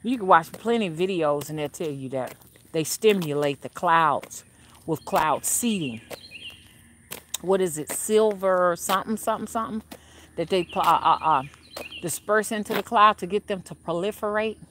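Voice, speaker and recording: Hosting a casual livestream, a woman rootworker chats with viewers, addressing them as y'all and reading comments out. She speaks at normal speed in a lowish, fairly bright voice, rambling with restarts and fillers over slight background noise.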